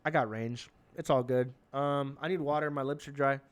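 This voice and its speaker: A young man hosting a comedy podcast, rambling through an excitable, profane monologue. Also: medium pitch, normal speed.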